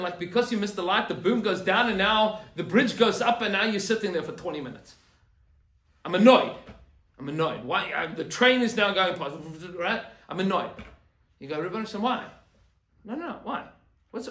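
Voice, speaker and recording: Animated rabbi, high voice, roomy echo. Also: male voice, a little fast. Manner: animated, acts out quoted complaints. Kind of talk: Torah class.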